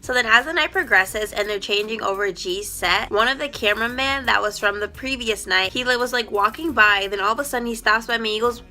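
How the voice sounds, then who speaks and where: A young woman vlogger telling a story in a chatty, excited way, peppering her sentences with "like.". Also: a little high, a little fast, few pauses, over music. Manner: chatty, excited, full of "like" fillers. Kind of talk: casual storytime.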